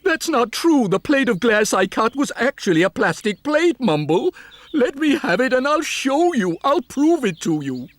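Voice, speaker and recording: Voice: medium pitch, very animated, normal speed, no room sound, natural voice. An actor voicing an earnest, apologetic clever little creature in a dubbed cartoon.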